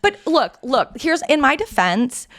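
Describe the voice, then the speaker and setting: A woman podcast host with a high-pitched voice tells a story in casual chat, animated and self-deprecating, with quick asides.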